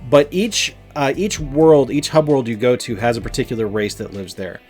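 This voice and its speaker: A man's voice: medium pitch, moderate pace, darkish tone, faint music behind. Enthusiastic rambling man reviewing a game. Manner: enthusiastic, rambling with many fillers. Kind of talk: casual review chat.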